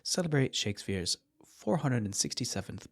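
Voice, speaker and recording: Playful man with lively, bouncing pitch. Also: normal speed. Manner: playful, dry humor. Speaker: library podcast co-host. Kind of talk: casual chat, reading event announcements.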